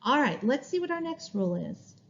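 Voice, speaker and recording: Brief: woman as a kindergarten-style teacher, slightly high, patient sing-song delivery, dull lo-fi recording. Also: big pitch swings, brisk, slight background noise. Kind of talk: classroom rules lesson to young children.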